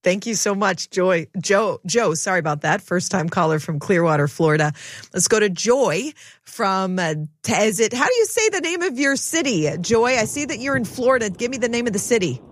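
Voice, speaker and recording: A woman's voice: medium pitch, lively intonation, moderate pace, no room sound. A woman hosting a Christian call-in radio show, introducing callers and encouraging them. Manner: warm-hearted, encouraging, faith-centered.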